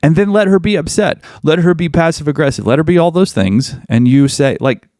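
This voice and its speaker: Podcast host, male, mid pitch with a gravelly edge, blunt and emphatic, dry close-mic sound. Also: a little fast, a little mellow, no room sound. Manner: blunt, emphatic, repeats points. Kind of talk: advice monologue.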